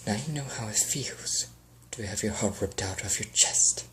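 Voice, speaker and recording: A man's voice: lowish voice, moderate pace, bright, forceful tone, a little hiss or hum, low-quality recording. A man voicing a cruel female changeling queen who speaks coldly and dismissively. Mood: mocking.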